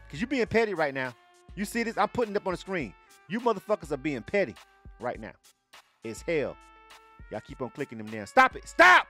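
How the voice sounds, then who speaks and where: A man hosting a live radio music segment, talking loosely and profanely to viewers, ranting between asides. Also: fairly high pitch. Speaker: radio show host. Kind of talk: casual livestream radio talk.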